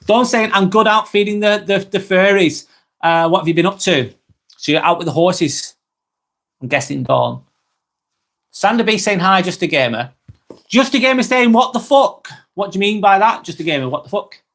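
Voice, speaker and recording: A man's voice: sits high, expressive, moderate pace, a bit bright. A man hosting a live stream, reading viewers' comments aloud and chatting back in a casual, rambling way. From England.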